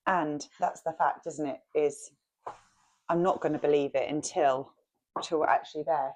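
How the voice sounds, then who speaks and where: A woman's voice: deep voice, fairly even intonation, normal speed, a little mellow. A woman chatting casually as she cooks at home for her vlog. She is homely and laughs often. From England. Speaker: vlogger. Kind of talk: casual chat while cooking.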